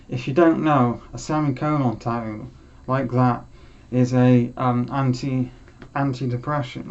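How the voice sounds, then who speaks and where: Young man, heartfelt and halting, muffled. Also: medium pitch. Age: young adult. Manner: heartfelt, halting, with frequent restarts. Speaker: music vlog host. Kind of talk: casual chat. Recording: muffled lo-fi sound.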